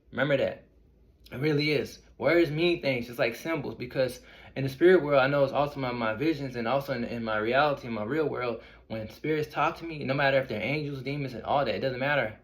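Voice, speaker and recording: A man, speaking at a middle pitch in a loose, rambling manner. He talks straight to camera as a spiritual medium, and he keeps turning to his viewers with questions. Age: 30s. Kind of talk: casual talk to camera.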